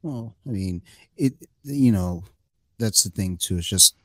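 A podcast host with a low, deep voice chats in a relaxed, unhurried way, telling self-deprecating stories with an easygoing manner. The sound is dry and close, without any room echo.

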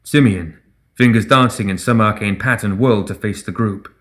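A man reading a fantasy story aloud as narrator in a measured, even way. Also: lowish voice. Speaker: audiobook narrator. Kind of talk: scripted narration.

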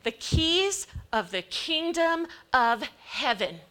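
A woman preaches to her church with a high, bright voice. She is emphatic and keeps acting out the voices of God and of anxious believers. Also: sing-song, slow. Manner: emphatic, acts out quoted voices of God and people. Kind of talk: sermon.

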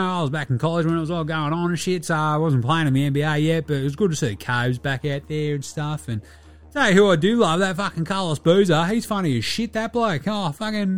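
A man's voice: sits high, pitched above the performer's own voice, lightly acted. A man voicing a brash, foul-mouthed young Australian male basketball player, talking crude and boisterous with an Australian accent. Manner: crude, boisterous, swearing constantly.

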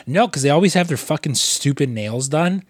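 A man's voice: on the high side, expressive, fairly quick, dry recording, studio quality. A man with a cold co-hosting a podcast, rambling in casual chat with lots of restarts and swearing. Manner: rambling, many restarts and fillers, profane. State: sick with a cold. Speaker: podcast co-host.

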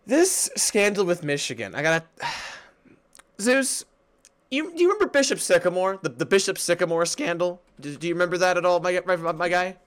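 A young man co-hosting a casual sports podcast, excitable and giggly, tripping over and repeating his words. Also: high voice, normal speed. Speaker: podcast co-host.

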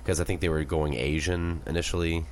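A man co-hosting a podcast in casual chat, relaxed and dropping in short remarks. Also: rumbling low, fairly quick, a little hiss or hum. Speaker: podcast co-host.

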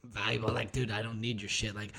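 A man's voice: lowish voice, flat delivery, fast, sharp tone. A young man hosting a casual podcast, telling crude stories with lots of swearing and laughter. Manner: profane, rambling storyteller, laughs often. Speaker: podcast host. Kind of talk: casual chat.

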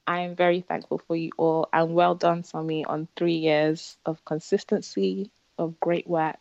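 A woman's voice: low voice, flat delivery, moderate pace, gravelly, darkish tone, no room sound, muffled recording. A young woman calling in to a podcast, playful and sassy with mock-sincere thanks. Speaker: regular guest on a call. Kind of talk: casual podcast banter on a phone call. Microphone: phone call.

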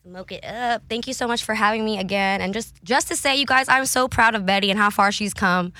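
A woman guest on a cannabis radio show, giggly and gushing, sounding excited and a little nervous. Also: medium pitch, a little fast, no echo. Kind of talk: casual radio show chat.

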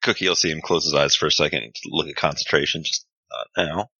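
A very deep-voiced man plays a big gruff bruiser in a tabletop game, blunt and quick to curse. His tone is forceful and sharp. The mic sounds dull and muffled, with a dry, close sound. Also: no room sound. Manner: blunt, swears a lot. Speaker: player. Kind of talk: tabletop role-play, in and out of character.

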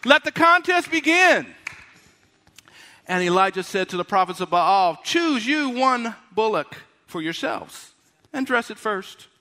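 Animated, bright-voiced male preacher. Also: sits high, unhurried. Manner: animated, ringside-announcer bursts and asides; drops to quiet, intimate tones. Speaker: pastor. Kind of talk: sermon.

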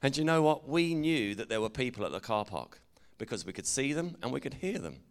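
English man preaching, jokey storyteller who teases the room, easygoing mid pitch. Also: sing-song, fairly quick, smooth. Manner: playful, jokey, engages the audience. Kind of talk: storytelling sermon to a congregation.

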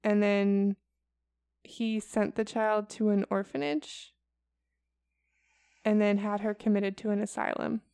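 A woman's voice: mid-range voice, fairly even intonation, slow pace, long pauses, warm tone, clear, resonant tone, dry recording, clean studio sound. A young woman co-hosting a podcast, presenting a history report in casual chat full of "like" and "um". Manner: chatty and casual, heavy with fillers like "like" and "um".

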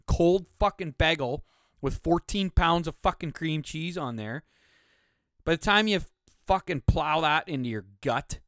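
A man's voice: a little high, a bit bright, no room sound, studio quality. A man hosting a podcast, ranting with heavy swearing and heated outbursts. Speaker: podcast host. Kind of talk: solo podcast rant.

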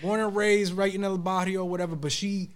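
Animated high-voiced male podcast host. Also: brisk, a crowd in the background. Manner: animated, repeats phrases, restarts sentences. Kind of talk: casual chat.

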